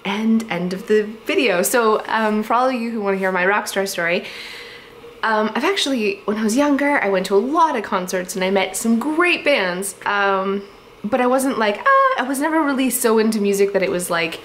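A woman's voice: mid-range voice, lively intonation, moderate pace, fairly bright tone, a little hiss or hum. A woman from Canada, host of a home organizing vlog, telling a story in a chatty, rambling way with many fillers and giggles.

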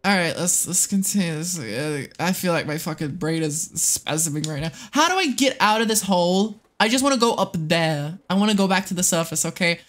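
Woman live-streaming a game, excitable commentary, lots of swearing, low mutters and squealing shrieks, fairly low voice. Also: fairly quick, hardly any pauses. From United States.

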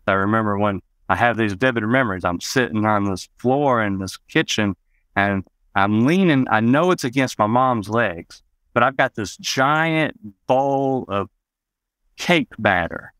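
A man's voice: fairly low pitch, expressive, measured pace, a bit bright, clean tone, dry recording. A man from Arkansas, telling personal memories as an interview guest, rambling with many "you know" asides.

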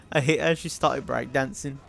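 A young man streaming a game with friends, swearing, laughing and shouting in excitable outbursts. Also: on the high side, vocal fry. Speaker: gaming streamer. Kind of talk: casual gameplay commentary with friends.

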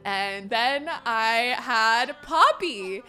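A woman voicing a grandmother telling her grandchild a story, slowly. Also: a little high, expressive, bright, forceful tone, smooth, soft background music, heavily acted. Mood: storytelling.

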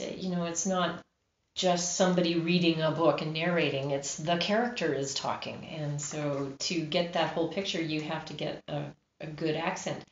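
A woman who narrates and produces audiobooks talks animatedly in an interview, laughing often. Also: deep voice. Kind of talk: interview conversation. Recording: roomy, muffled recording.

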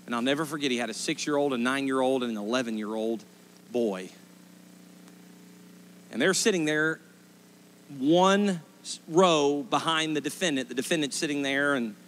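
A man in his forties, a pastor preaching a sermon, telling stories emphatically and rising to loud impassioned pleas. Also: mid-range voice, a little hiss or hum. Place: church sanctuary.

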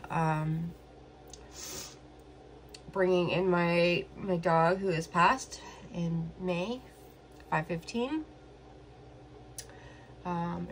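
A woman doing a casual solo tarot reading. She feels emotional and talks slowly and hesitantly, thinking aloud as she goes. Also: fairly low pitch, a little hiss or hum. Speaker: tarot reader.

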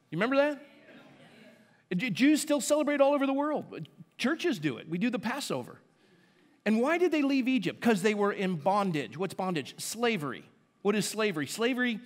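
Male pastor, fairly high voice, chatty sermon delivery with rhetorical questions. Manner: conversational preaching with rhetorical questions; asides to the congregation.

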